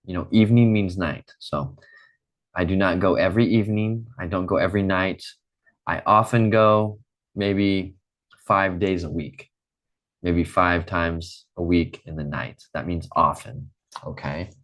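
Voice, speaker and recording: A man teaching an English lesson online, speaking slowly and patiently, modelling phrases for students to repeat. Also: sits low, a bit bright.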